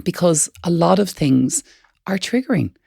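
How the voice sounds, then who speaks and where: Woman cohost, really gravelly voice, earnest and encouraging, dry close mic. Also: lowish voice, expressive, normal speed, dark tone, no room sound. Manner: earnest, encouraging, repeats words while thinking. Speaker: podcast co-host. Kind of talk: reflective wellness chat.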